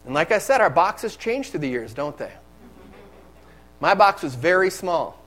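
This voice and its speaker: High-voiced man preaching a candid sermon. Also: sing-song, measured pace, a bit bright, poor audio. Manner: candid, conversational storytelling.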